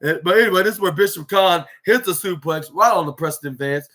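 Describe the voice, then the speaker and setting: A man hosting a podcast who recaps a wrestling show in a rambling, excitable way, often restarting his sentences. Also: high-pitched, a little fast. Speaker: podcast host.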